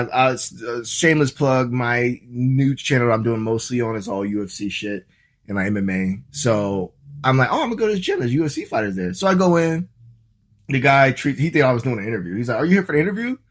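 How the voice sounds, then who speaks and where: A man from Ohio telling a story as a podcast guest, casual and animated, swearing freely and acting out his own reactions. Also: mid-range voice. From Ohio, USA.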